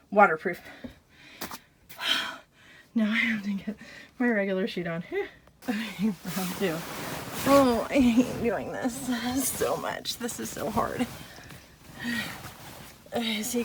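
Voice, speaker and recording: A woman's voice: mid-range voice, background noise. A woman vlogging casually inside her RV, chatty and laughing at herself, out of breath from the chores. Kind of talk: casual vlog, talking to camera while doing chores. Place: inside a small RV.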